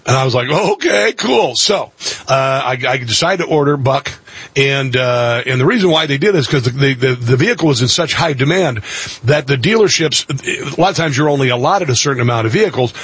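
A male radio and TV host telling a story in an excitable monologue, his voice jumping up into loud outbursts. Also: mid-range voice, fairly quick, husky, no room sound.

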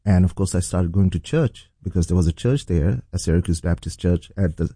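A man's voice: sits low, fairly quick, dark tone, slightly rough, no echo, studio quality. A middle-aged man from Pakistan, a pastor, earnestly telling his personal testimony as an interview guest. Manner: earnest, storytelling.

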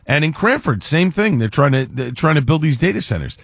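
A man's voice: on the high side, sing-song, brisk, a bit bright, slightly rough. A man talking politics as a guest on a radio show, rambling along with plenty of fillers and false starts. The sound is dry and close, with no room echo at all. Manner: rambling, many fillers and restarts, quotes people in other voices. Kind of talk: casual political talk on radio.

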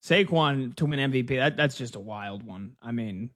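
A man hosting a sports betting talk show, running through stats briskly and leading the segment. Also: mid-range voice, a bit bright, dry recording. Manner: brisk, stat-heavy, leads the segment.

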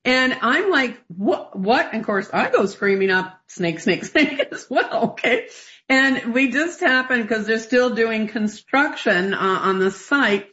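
A woman, a radio co-host telling a story in a rambling, animated way and laughing often. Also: fairly high pitch, unhurried. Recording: dull lo-fi radio broadcast.

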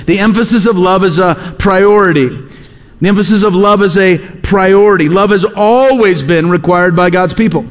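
A man's voice: sits high, long reverb tail. A man preaching a sermon as pastor, talking conversationally with rhetorical questions and repeated phrases. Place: church sanctuary.

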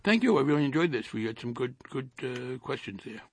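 In a radio interview, an older retired congressman with a New Jersey accent talks haltingly, with dry wit and repeated words. His voice sits mid-range with big pitch swings, and there's no room sound.

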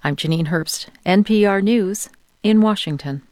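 A woman newscaster reading a radio news bulletin in a crisp, measured way from a studio. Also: medium pitch, darkish tone, dry recording. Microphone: studio mic.

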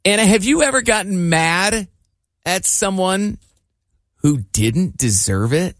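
A man's voice: high-pitched, expressive, slow, a bit bright, dry recording, clean studio sound. A man hosting a morning radio show, with upbeat announcer reads and joking banter with his co-host.

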